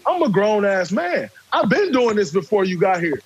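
A man, telling a story in casual talk, animated and profane, acting out quotes. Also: high voice, normal speed, slightly rough, dull audio.

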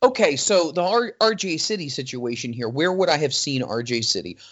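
Animated man on a lo-fi podcast. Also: a little high, fairly quick. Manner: exclaiming, animated, exasperated. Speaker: podcast co-host. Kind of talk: casual podcast banter. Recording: dull lo-fi audio.

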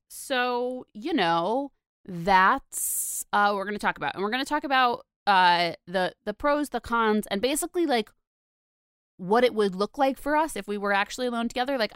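A woman's voice: mid-range voice, fairly bright tone, smooth, no room sound, studio quality. Chatty young woman hosting a podcast. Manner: chatty, rambling, many fillers and laughs. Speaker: podcast host. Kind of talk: casual podcast chat.

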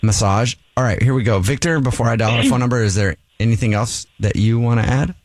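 A man's voice: mid-range voice, fast talker, a little mellow, no echo. Man, radio host, prank call, dry studio voice, playful. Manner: playful, poses as gym staff.

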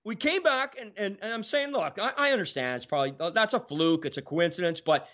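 Guy telling hockey-style stories, kinda high voice, does the voices, muffled lo-fi audio. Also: a little fast. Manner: animated, acts out quoted dialogue. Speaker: guest. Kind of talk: casual storytelling. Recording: dull lo-fi sound.

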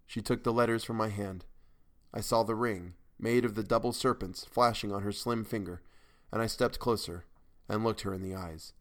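A male narrator reading a weird tale in the first person. His voice sits low, and he tells the story with dramatic weight. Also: steady tone, normal speed. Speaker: audiobook narrator.

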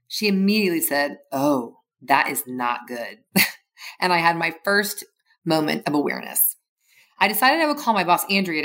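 A woman who works as a leadership facilitator, telling a personal story in a measured, scripted podcast reflection. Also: fairly low pitch, a bit bright.

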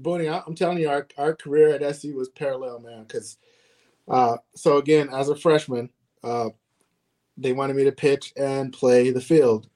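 A man's voice: mid-range voice, fairly even intonation, normal speed, mellow. Middle-aged male guest, earnest, chuckling storyteller, mid-range voice. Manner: earnest, chuckling, lots of "right?" and "like". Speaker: guest, former ballplayer. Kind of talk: casual interview storytelling.

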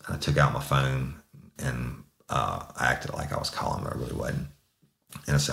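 A man's voice: rumbling low, little pitch movement, a little fast, vocal fry, a bit bright, roomy sound. A man who is a former police sergeant, telling a true-crime story in a blunt, profane, conversational way as a podcast host.

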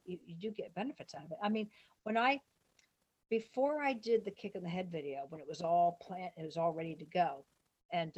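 A woman talking in a casual interview, her voice husky and a little low. She rambles through stories, jumping up in pitch when she acts out what other people said. The whole thing sounds like loose, excited storytelling. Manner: rambling, animated, quotes people in lively voices. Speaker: interview guest, musician.

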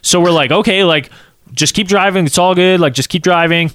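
A man telling a casual anecdote, acting out quotes in an animated way and saying "like" a lot. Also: high-pitched, a little fast, dry recording, studio quality.

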